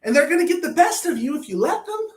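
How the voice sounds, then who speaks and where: A man's voice: very high voice, sing-song, quick pace. A man coaching anger management in a blunt, profane self-help talk, often repeating words as he thinks. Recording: roomy echo.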